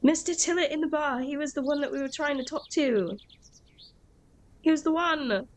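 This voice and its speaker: A woman streaming a video game, chatting casually and excitably and echoing the game text aloud. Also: high voice, normal speed. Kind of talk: casual gaming chat. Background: game music.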